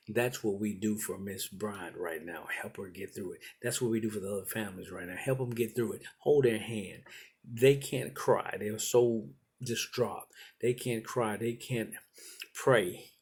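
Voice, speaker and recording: A middle-aged man preaches in a low, gravelly voice with a husky edge. He builds his sermon through repeated, encouraging phrases in a steady preaching cadence. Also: a little slow.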